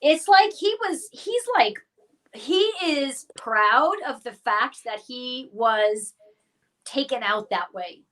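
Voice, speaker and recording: A woman doing remote viewing in a casual live chat, halting and full of restarts, given to squeamish exclamations. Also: a little high, animated, a bit bright. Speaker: psychic remote viewer.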